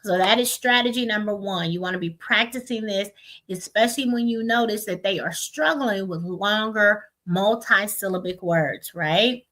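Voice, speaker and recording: A woman teaching parents how to split long words into syllables, explaining step by step, sounding out words slowly and often checking in with "right?". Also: mid-range voice, fairly bright tone. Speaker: literacy instructor. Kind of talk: parent education webinar.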